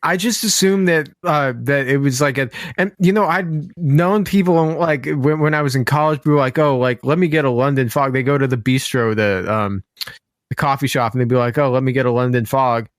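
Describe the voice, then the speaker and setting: A woman's voice: a bass voice, brisk, dry recording, clean studio sound. A young woman co-hosting a podcast in casual chat, a playful storyteller who acts out the conversations she retells. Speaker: podcast co-host.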